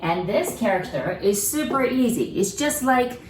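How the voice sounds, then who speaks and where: A woman's voice: on the high side, animated, normal speed, a little hiss or hum. A woman teaching a beginner writing lesson, patiently sounding out syllables and checking in with her learners. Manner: patient, repeats syllables, checks in with "okay?" and "right?". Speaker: Japanese teacher. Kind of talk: slow explanatory lesson. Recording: roomy, distant mic, faint ambience.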